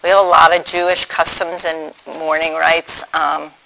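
A man telling his personal testimony in a reflective way, pausing often with ums and restarts. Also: fairly high pitch, little pitch movement, gravelly, pushed and bright, rough recording. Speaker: speaker sharing his faith story.

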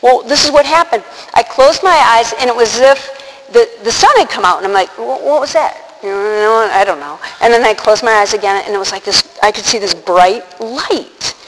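Animated woman telling a story in a hall. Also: on the high side, normal speed. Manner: animated, acts out quotes, laughs often. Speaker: religious speaker. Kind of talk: storytelling talk to an audience. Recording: long hall reverb, faint noise.

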